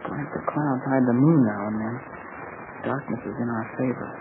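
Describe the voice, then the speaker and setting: A man's voice: medium pitch, moderate pace, gravelly, lightly acted. A man playing eager young adventurer Terry. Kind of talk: 1940s radio acting. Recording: tinny old radio broadcast with loud hiss.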